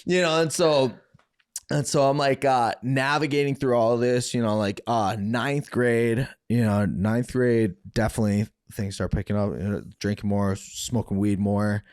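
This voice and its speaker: A man's voice: mid-range voice, fairly even intonation, normal speed, darkish tone, clean tone, no echo, studio quality. A man guest on a podcast telling stories from his youth in a rambling, profane way, full of fillers and restarts. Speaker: podcast guest, former fighter. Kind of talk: casual storytelling interview.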